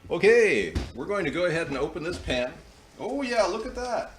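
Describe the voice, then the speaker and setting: A man in his fifties with a high, very animated voice hosts a home cooking show, chatting at normal speed and rambling with folksy asides as he cooks in his kitchen. He's on a close-up wired mic, and the recording is noisy.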